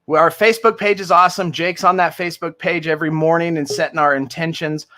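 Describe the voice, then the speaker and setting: Bright, earnest man hosting a recovery livestream. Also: a little high, steady tone, fast. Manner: enthusiastic, earnest, jokey. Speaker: livestream host of a recovery community. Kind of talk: casual livestream chat.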